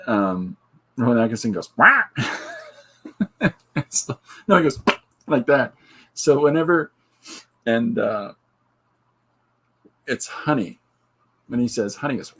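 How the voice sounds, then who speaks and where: A middle-aged man with a low, slightly husky voice hosts a casual podcast, reading out viewer comments. He jokes freely and laughs along with his own retellings. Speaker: podcast host.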